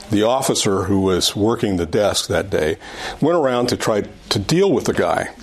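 A middle-aged man teaching an adult Sunday school class in a conversational way, often restarting phrases and repeating his points. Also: lowish voice.

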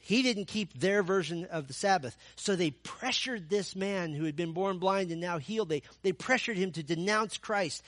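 A man's voice: sits high, expressive, moderate pace, few pauses, a bit bright, dry recording, clean studio sound. A man preaching a sermon, telling the story with rhetorical questions and emphatic repetition. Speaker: pastor.

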